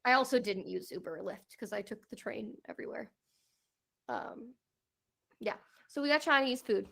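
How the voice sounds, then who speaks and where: A young woman with a fairly high voice chats as a podcast co-host. She tells a trip story in a loose, casual way, laughs often and acts out what people said. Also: normal speed, gravelly, sharp tone, husky.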